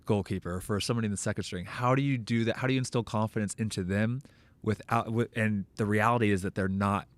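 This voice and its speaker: Lowish-voiced man answering hesitantly. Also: fairly even intonation. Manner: hesitant, halting phrasing. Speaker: guest, professional soccer player. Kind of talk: casual interview answers.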